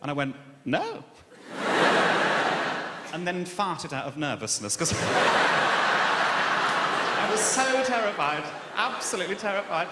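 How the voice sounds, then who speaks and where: A camp, self-mocking stand-up comic from Birmingham, his voice pitched high and swinging widely as he races through his set. He is recorded in a big echoing venue with a long reverb tail and heavy noise behind him. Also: expressive, moderate pace, long pauses. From Birmingham, England. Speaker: comedian. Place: large echoing live comedy venue. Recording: echoey hall with loud noise.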